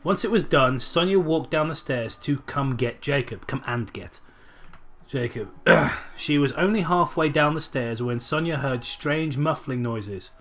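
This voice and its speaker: A man's voice: mid-range voice, expressive, measured pace, fairly bright tone. A young man reading a badly written horror story aloud for laughs, mocking its grammar and swearing often. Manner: sarcastic, mocking the writing, swears a lot. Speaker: podcast co-host reading a story. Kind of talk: comedic dramatic reading with banter.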